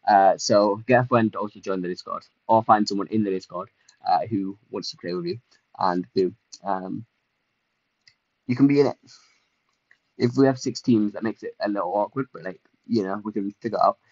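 A low-voiced young man riffs through his livestreamed game, excitable and self-mocking, scattering fillers as he goes. The sound is dry and a little dull, like a close home mic. He jumps between groans, little boasts and chat with viewers. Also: moderate pace, no echo. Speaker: streamer. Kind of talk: casual livestream gameplay commentary.

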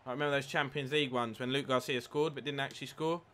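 A young man live-streaming a football game, chatting with viewers and getting excited at near misses. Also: medium pitch, fast talker, slight background noise. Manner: chatty, reads chat aloud, excitable at goals. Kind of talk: live gameplay commentary and chat.

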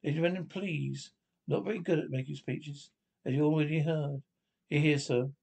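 A man reading every part of a film comedy script aloud himself, brisk and lightly comic. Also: fairly high pitch, fairly even intonation, vocal fry, darkish tone, slightly rough. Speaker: script reader.

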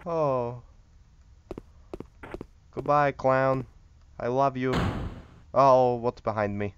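A man's voice: mid-range voice, fairly even intonation, slow pace, pauses often, lo-fi sound, slight background noise. A man giving casual, joking commentary while playing a horror game, rambling and chatting to the things on screen. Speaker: horror game let's-player.

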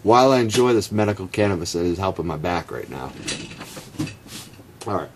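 A marijuana reform activist launches into a combative, sarcastic rebuttal directly to camera, calling out his opponent by name. His low voice is expressive and a little fast, with a bit of hiss or hum in the audio.

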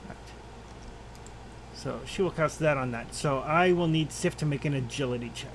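A man's voice: fairly high pitch, normal speed, slight background noise. A man running a tabletop game as game master, narrating actions casually with many fillers.

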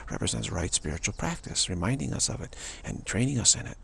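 A man's voice: on the low side, animated, gravelly, a bit bright, slight background noise. A man giving an earnest, rambling spiritual monologue, repeating himself and restarting sentences often. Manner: earnest, repetitive, halting with many restarts. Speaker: spiritual speaker.

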